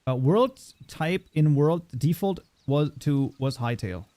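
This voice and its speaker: A modding streamer from Germany, with a German accent, runs a relaxed livestream tutorial, talking while he works and reading out viewers' chat messages before replying. His voice sits a little high and sounds warm and animated, delivered slowly. There's no echo on the recording.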